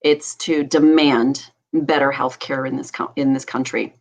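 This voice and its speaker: A woman who is a doctor and hosts a health talk show, talking with animated passion and laughing often. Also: very deep voice, a little slow, poor audio. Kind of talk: casual talk show chat.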